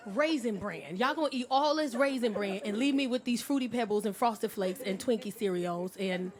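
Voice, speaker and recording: A woman performing stand-up comedy, telling brash stories with loud bursts on a comedy club stage. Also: on the high side, normal speed, crowd noise.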